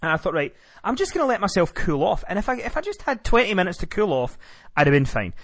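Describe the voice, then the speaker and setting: A man hosting a podcast rants through a comic story in a profane, exasperated way. His pitch sits a little high and swings widely as he tells it. The sound is close and dry, with almost no room around it. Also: big pitch swings, fast talker, a bit bright, no room sound. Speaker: podcast host. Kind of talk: storytelling rant.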